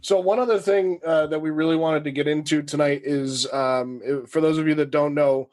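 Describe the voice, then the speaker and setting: A man's voice: fairly high pitch, fairly even intonation, normal speed, darkish tone. A man hosting a sports podcast, chatting and joking easily with a guest. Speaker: podcast host. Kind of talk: casual interview chat.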